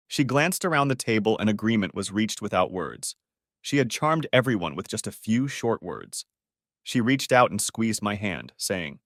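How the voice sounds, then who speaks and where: Guy reading a story out loud, lowish voice, lively ups and downs, dry close mic. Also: moderate pace, no room sound. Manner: expressive storytelling. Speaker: story narrator. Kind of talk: scripted story narration.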